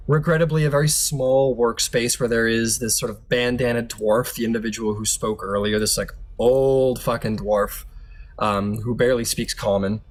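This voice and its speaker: A man narrates a tabletop game as its game master, loose and chatty. His pitch sits in a middle range. Faint music plays under the session. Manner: loose, chatty, with fillers and laughs.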